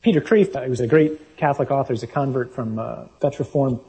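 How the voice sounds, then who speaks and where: A man's voice: medium pitch, brisk, mellow, rough recording. A man preaching a sermon, reading scripture aloud and making his points with emphatic, punchy delivery.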